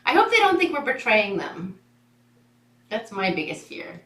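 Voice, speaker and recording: A woman's voice: a little high, wildly swooping pitch, a little slow, a bit bright. A woman chatting casually about foster kittens, chatty and affectionate, often giggling. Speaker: kitten foster parent filming a cam video. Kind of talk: casual chat. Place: indoor room with foster kittens. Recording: roomy room, far from the mic.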